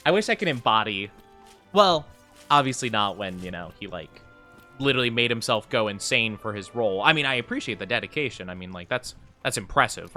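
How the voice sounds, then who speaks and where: Man, game streamer, playful rambling chat, bright voice, faint background music. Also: lowish voice. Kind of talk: casual live-stream chat while gaming.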